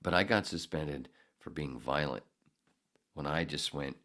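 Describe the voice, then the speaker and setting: A man hosting his own podcast, telling a story in a casual, profane and sarcastic way, acting out loud outbursts. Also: a bass voice, a little slow. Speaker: podcast host.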